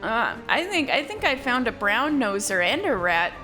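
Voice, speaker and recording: A woman's voice: a little high, big pitch swings, moderate pace, pushed and bright, faint music behind. A woman voicing a scornful male commander from a video game, reading his formal, mocking lines aloud on a live stream. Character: haughty male imperial commander, scornful villain.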